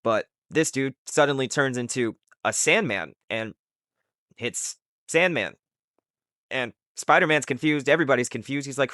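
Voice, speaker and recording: A man's voice: medium pitch, normal speed, bright, forceful tone, no room sound, clean studio sound. A man casually retelling a comic book's plot in a loose, rambling way full of fillers. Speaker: comic recap host. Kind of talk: casual comic book recap.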